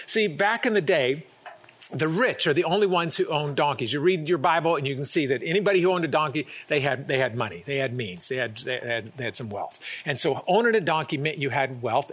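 A middle-aged pastor preaching a sermon, earnest, often repeating words and acting out little quoted exchanges. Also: male voice, on the high side, animated, brisk, fairly bright tone, breathy edge.

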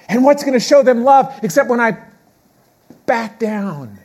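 A middle-aged man preaching a sermon in a church, talking conversationally, dropping quiet, then building loud, and repeating key phrases. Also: very high-pitched, moderate pace. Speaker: pastor.

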